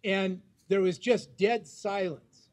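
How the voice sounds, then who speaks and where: A man's voice: high voice, steady tone, takes it slowly, a little mellow. A middle-aged man giving a jokey tribute speech about a longtime teammate, rambling with lots of fillers.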